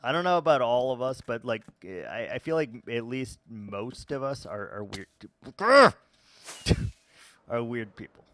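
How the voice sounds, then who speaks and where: A man casually chatting with viewers while playing a game, rambling and relaxed with many fillers and restarts. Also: medium pitch, measured pace, no room sound. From United States. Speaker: gaming vlogger. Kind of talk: casual let's-play chat answering viewers.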